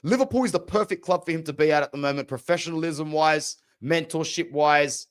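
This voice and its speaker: A man's voice: fairly high pitch, a little fast. A young man hosting a football podcast, ranting passionately and opinionated in casual slang. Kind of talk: opinionated sports talk.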